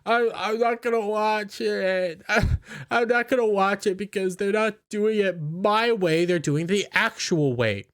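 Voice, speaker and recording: A man's voice: high voice, a little slow, a bit bright, clean tone, voice pushed up. A man mimicking a whiny sulking grown man. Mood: mocking whine. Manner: mocking, petulant whine.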